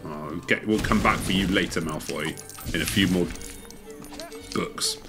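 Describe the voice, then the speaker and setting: A woman with a strikingly deep, low voice talks her way through a co-op video game, narrating each step and cheering on her partner. Her tone is casual and encouraging. Game music plays clearly behind her. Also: unhurried. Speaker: gamer playing co-op with a child.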